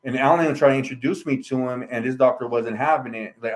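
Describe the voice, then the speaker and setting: A man's voice: medium pitch, quick pace, low-quality recording. A man telling his own story in a casual vlog, rambling and earnest, often tagging lines with "right?" and "you know". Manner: earnest, aggrieved.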